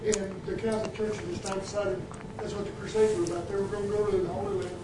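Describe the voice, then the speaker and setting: A man's voice: high voice, flat delivery, quick pace. A man in the class adding a rambling comment, repeating himself as he goes. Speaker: class participant. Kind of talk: casual chat. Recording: roomy and distant with clear noise.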